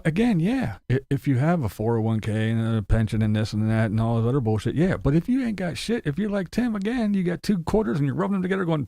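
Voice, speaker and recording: Gravelly, lively man mocking bluntly. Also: medium pitch, quick pace, hardly any pauses, dry recording. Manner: mocking, blunt, swears a lot. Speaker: commentary channel host. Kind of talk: casual commentary vlog.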